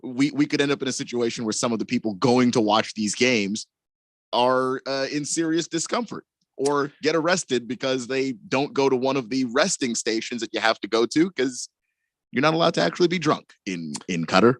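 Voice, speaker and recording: A man's voice: medium pitch, moderate pace, no room sound. A man co-hosting a sports radio show, chatting casually and adding wry commentary. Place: radio studio.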